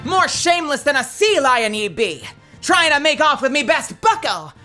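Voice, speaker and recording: A woman's voice: sits high, big pitch swings, normal speed, sharp tone, faint music behind, heavily acted. A woman voicing a young female aquarium trainer who talks in hammy pirate speech with a put-on Scottish accent.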